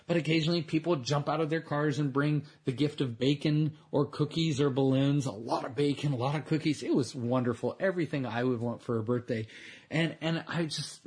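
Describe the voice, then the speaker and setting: A man's voice: fairly high pitch, a little mellow, slightly rough. A man pastor preaching an earnest, conversational sermon, often restarting his sentences.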